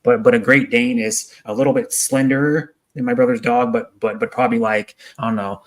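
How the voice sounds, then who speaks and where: A man's voice: medium pitch, fairly even intonation, brisk. A man in a casual chat on a video call, rambling and often repeating his words. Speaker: co-host.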